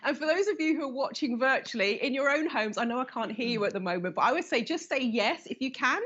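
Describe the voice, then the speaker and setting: A woman in her fifties giving a live talk as a workshop teacher, telling lively stories and acting out the voices of the people in them. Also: high voice, fast, breathy edge, muffled recording. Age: 50s. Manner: animated storyteller who acts out quoted voices.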